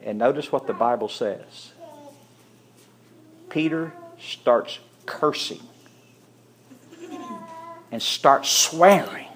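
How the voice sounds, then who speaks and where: A man's voice: medium pitch, extremely slow, pauses often, fairly bright tone, a little hiss or hum. Storytelling preacher, man. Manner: storytelling preacher who acts out the characters' lines. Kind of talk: sermon.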